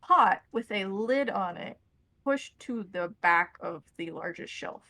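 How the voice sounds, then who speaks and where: A woman narrating a tabletop role-playing game as game master, describing scenes in a relaxed, descriptive way. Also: mid-range voice, takes it slowly, gravelly, no echo, rough recording.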